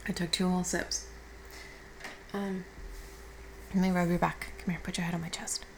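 A woman playing a caring girlfriend who has just woken up, speaking softly and reassuringly with casual swearing in an audio role-play. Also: fairly low pitch, little pitch movement, normal speed, slight background noise, natural voice, rough recording. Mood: tender. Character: affectionate young woman, the listener's caring girlfriend.

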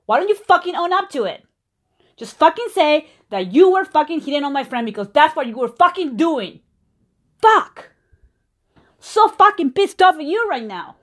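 Audio role-play: young woman as a jealous, cursing girlfriend, from muttering to shouting, lively higher voice. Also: normal speed, pauses often. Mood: yelling. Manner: swears constantly, swings between low mutters and shouting. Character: jealous, foul-mouthed young girlfriend, possessive and hot-tempered.

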